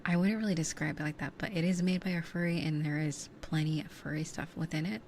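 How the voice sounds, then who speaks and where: A young woman whispers casual chat right up against a binaural ASMR mic. Her voice sits a little low for a woman, and she wanders loosely from thought to thought with plenty of fillers. A faint hiss runs underneath. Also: steady tone, quick pace. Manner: soft whispering, rambling with many fillers. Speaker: streamer. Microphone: close binaural ASMR mic.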